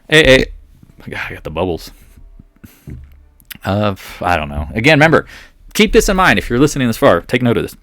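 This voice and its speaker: A man's voice: medium pitch, fairly bright tone, no room sound. Male market commentator, sarcastic chart talk, dry close sound. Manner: sarcastic, mutters asides to the charts.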